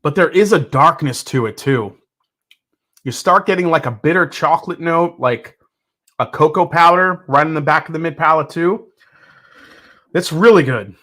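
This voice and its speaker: A man hosts a casual live whiskey review, his voice bright and forward in a slightly high register. He rambles excitedly, tripping over restarts and fillers as he hunts for the words. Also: moderate pace, long pauses.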